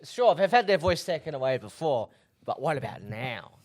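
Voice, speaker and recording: A man's voice: a little high, big pitch swings, normal speed. A man co-hosting a comedy podcast, cracking provocative, teasing jokes in casual chat. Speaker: podcast co-host.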